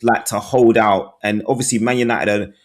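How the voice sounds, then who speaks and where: A man's voice: mid-range voice, steady tone, brisk. A man, co-hosting a football podcast in casual chat, earnest, with plenty of ums. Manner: earnest, fillers, talks it through. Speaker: podcast co-host, football fan.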